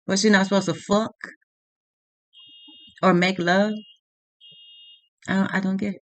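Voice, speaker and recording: A woman's voice: medium pitch, level tone, measured pace, no room sound. A woman tarot reader delivering an unscripted rant to her viewers, blunt and heavily profane, laughing now and then at her own points.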